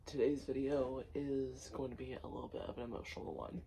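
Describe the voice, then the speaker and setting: A man's voice: mid-range voice, little pitch movement, fairly quick, creaky, very noisy. A tired, sleep-deprived young man talking casually as a vlogger, subdued and rambling with fillers and restarts. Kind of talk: casual personal storytelling.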